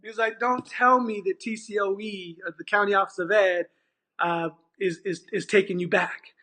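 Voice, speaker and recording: Middle-aged guy telling a story, high-ish voice, acts out all the dialogue, keeps restarting. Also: normal speed. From California, USA. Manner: animated, acts out quoted dialogue, many restarts. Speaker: after-school program manager, guest. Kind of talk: storytelling in conversation.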